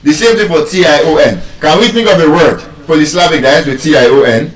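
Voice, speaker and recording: A man with a Nigerian accent and a fairly high voice talks fast while teaching pronunciation in a live lesson, stretching out and repeating example words. He sounds far from the mic in an echoey room.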